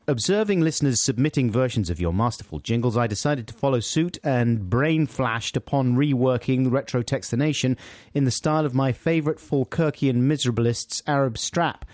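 A man's voice: mid-range voice, darkish tone, no room sound, studio quality. A man co-hosting a podcast in casual, playful chat, laughing often. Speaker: podcast co-host.

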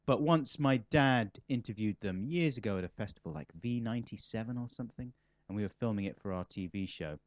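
A man's voice: fairly low pitch, lively intonation, a little fast, no echo. This man talks in a loose, rambling way, full of self-mockery and dry wit. He answers interview questions casually as a comic guest. The recording is slightly dull and dry. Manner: rambling, self-mocking, wry. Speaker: comedian interviewee.

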